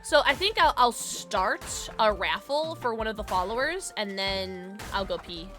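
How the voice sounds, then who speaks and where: A young woman streaming a game, chatting casually with her viewers and reading chat aloud, bubbly and quick to laugh. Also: mid-range voice, lively intonation, music in the background. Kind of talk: casual gaming livestream chat.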